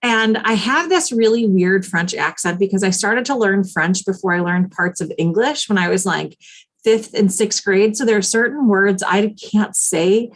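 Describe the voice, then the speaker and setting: A woman's voice: medium pitch, normal speed. A chatty woman from the United States co-hosting a casual chat show. She talks freely, stopping for ums and laughing often. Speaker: podcast co-host, travel planner.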